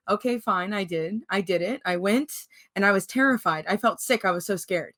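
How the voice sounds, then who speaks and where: A woman's voice: mid-range voice, moderate pace, hardly any pauses, sharp tone. A young woman in her twenties, a podcast guest, telling a story in casual chat and laughing often between her words. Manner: giggly, laughs through her stories.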